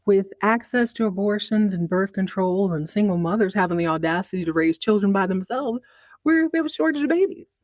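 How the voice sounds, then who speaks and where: A woman's voice: mid-range voice, animated, a little fast, no room sound, lightly acted. Lady doing a blunt caseworker lady, official tone, dry sound. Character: matter-of-fact female state caseworker.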